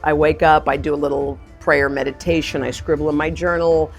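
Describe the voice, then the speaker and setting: A middle-aged woman, a TV morning show host, chatting in an interview with effusive, excitable exclamations. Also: low voice, brisk, faint music behind. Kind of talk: casual interview chat. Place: sports event venue.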